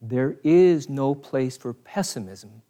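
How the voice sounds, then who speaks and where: An earnest male preacher at a medium pitch, leaning hard on key phrases and stretching them out slowly. He breaks into casual asides to the congregation between points. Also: lively intonation, dark tone. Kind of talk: sermon.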